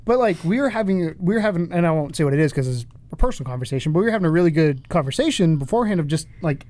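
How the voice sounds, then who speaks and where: A man co-hosting a casual podcast, telling stories in a quick, animated way with frequent restarts. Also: fairly high pitch, no echo. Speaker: podcast co-host and interviewer. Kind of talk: casual chat.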